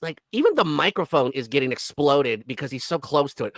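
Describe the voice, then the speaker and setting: A YouTube host doing casual reaction commentary in an animated, mocking, jokey way. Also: mid-range voice, fairly quick, hardly any pauses, dry recording.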